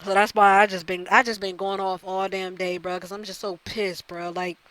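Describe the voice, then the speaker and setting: A woman's voice: medium pitch, flat delivery, moderate pace, fairly bright tone, low-quality recording. A woman hosting a gaming channel, delivering a profane, exasperated rant that circles back and repeats her points. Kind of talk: ranting video commentary.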